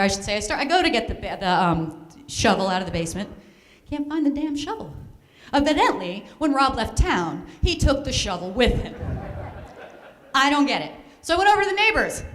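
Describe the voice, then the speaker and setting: Animated woman telling a comic story. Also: mid-range voice. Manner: animated, self-mocking, playfully dramatic. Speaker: speaker at a charity fundraiser. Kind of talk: comic personal storytelling on stage. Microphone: handheld or stand microphone.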